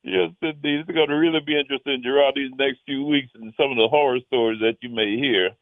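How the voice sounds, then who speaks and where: A man's voice: mid-range voice, fairly even intonation, quick pace, no echo. A man calling in to a radio show, easygoing and agreeable in casual chat. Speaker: caller. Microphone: phone. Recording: tinny phone line.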